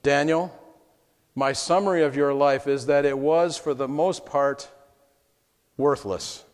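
A man voicing Jesus as a gentle, grave judge, speaking slowly and softly. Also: fairly high pitch, fairly even intonation, pitched below the performer's own voice, natural voice. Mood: solemn. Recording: long hall reverb.

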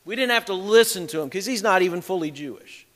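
Man, preacher, emphatic sermon, high voice, echoing hall. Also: animated, quick pace, fairly bright tone. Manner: emphatic, reads scripture aloud with commentary. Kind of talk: expository sermon.

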